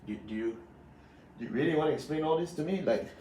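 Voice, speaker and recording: A man's voice: on the high side, quick pace, mellow, a little hiss or hum. A man hosting a card game channel, ranting in a sarcastic, exasperated way about a new ban list. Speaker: card game content creator. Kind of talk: ranting deck commentary to camera. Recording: echoey room with faint ambience.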